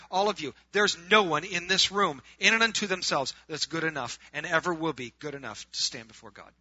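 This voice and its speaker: A man preaching a sermon to a group, swinging from loud, urgent appeals to hushed, quiet stretches. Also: a little high, fairly quick, hardly any pauses, slightly rough, no echo, muffled recording.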